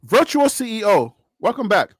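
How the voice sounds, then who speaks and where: High-pitched guy doing sports talk on his stream, animated, laughing at chat, dry close mic. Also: moderate pace, slightly rough, no echo. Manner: animated, talks straight to viewers and chat, laughs often. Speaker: sports channel host. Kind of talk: casual live-stream commentary.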